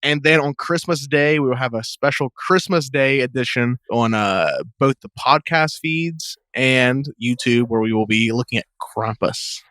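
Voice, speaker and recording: A man co-hosting a casual review podcast, often pausing and repeating words while he thinks. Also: mid-range voice, fairly bright tone, no echo. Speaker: podcast co-host.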